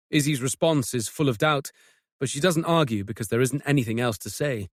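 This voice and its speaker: A man narrating a mystery audiobook with measured, tense storytelling. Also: mid-range voice, no echo, studio quality. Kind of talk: scripted narration.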